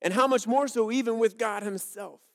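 A man's voice: extremely high pitch, moderate pace, a bit bright. A pastor preaching a sermon in a conversational, storytelling way, often restarting his sentences.

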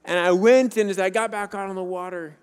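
A male pastor with a notably high voice delivers an earnest, conversational sermon. He mixes scripture with personal stories. His words ring out with the long reverb of a large church hall. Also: fairly even intonation, fairly quick. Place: church sanctuary with a worship team.

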